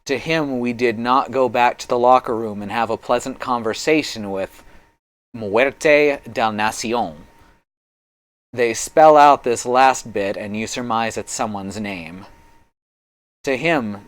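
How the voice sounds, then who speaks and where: A man narrating a live-streamed tabletop game as game master, with measured, slow description. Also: medium pitch.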